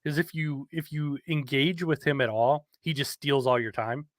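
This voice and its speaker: A man's voice: medium pitch, moderate pace, no room sound, studio quality. A man talking frankly and a bit self-deprecatingly about difficult customers in a casual podcast chat.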